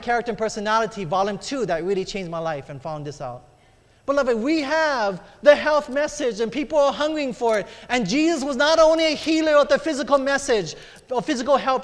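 A middle-aged man preaching a sermon, telling a personal story and acting out the voices in it, calling for amens from the congregation. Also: extremely high pitch. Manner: storytelling, acts out quoted voices, calls for amens. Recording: long hall reverb.

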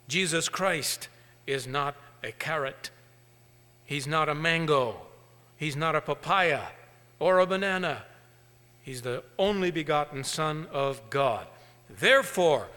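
Male preacher, sermon, bright forceful voice, long hall reverb. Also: on the high side. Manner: animated storytelling, swinging from hushed to emphatic.

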